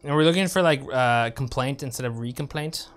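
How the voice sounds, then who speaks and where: A man's voice: medium pitch, fairly quick, smooth, soft background music. A man streaming a game live, making sarcastic jokes and swearing a lot when he gets frustrated. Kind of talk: live gameplay commentary.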